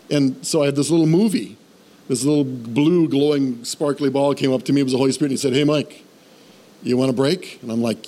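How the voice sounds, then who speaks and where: A man's voice: medium pitch, a little fast. A man preaching a sermon, telling a humorous personal story and building to a fervent call to faith. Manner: animated storytelling, self-deprecating humor; rises to fervent exhortation.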